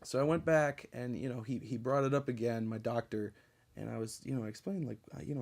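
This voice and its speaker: A man hosts a podcast and spins long personal stories in a casual, meandering way. He swears freely and leans on plenty of ums and uhs. His voice sits at an ordinary middle pitch. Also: brisk, gravelly, a little mellow. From Connecticut. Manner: profane, rambling, with frequent fillers and laughs. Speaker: podcast host. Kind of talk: casual storytelling monologue.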